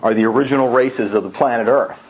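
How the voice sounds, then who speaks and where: A man's voice: medium pitch, quick pace, breathy edge, close to an everyday voice, low-quality recording. A man doing a stern shadow president. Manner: stern, long-winded. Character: stern, self-important male underground shadow president.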